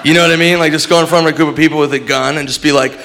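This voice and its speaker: A man doing a crude stand-up bit, quick and loose, breaking into shouted voices. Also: a little high, fairly even intonation, vocal fry. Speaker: stand-up comedian. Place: comedy club stage. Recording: live club with crowd noise. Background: audience laughter.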